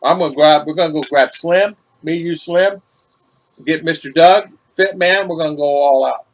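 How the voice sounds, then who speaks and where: A man's voice: a little high, moderate pace. Chatty middle-aged man greeting viewers. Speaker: vlog host reading live chat. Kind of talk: casual livestream chat.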